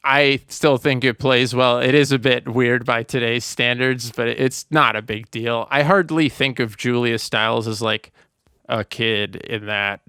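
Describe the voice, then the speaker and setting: A man's voice: medium pitch, steady tone, unhurried, sharp tone, clear, resonant tone, no room sound, clean studio sound. A man co-hosting a podcast, chatting casually about a movie and rambling with lots of "like" and restarts. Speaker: podcast co-host.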